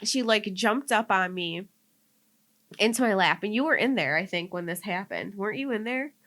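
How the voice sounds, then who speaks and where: A woman's voice: mid-range voice, expressive, normal speed, a bit bright. A young woman co-hosting a podcast, casually telling a personal story and rambling with lots of "like". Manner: rambling, heavy use of "like", laughing and tearing up. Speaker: podcast co-host.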